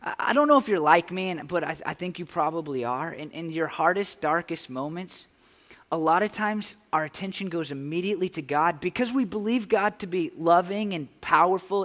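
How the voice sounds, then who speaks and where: A man's voice: high-pitched, animated, normal speed, a bit bright. A man preaching a sermon as pastor, earnest and conversational, with frequent restarts. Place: church sanctuary. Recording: long church hall reverb.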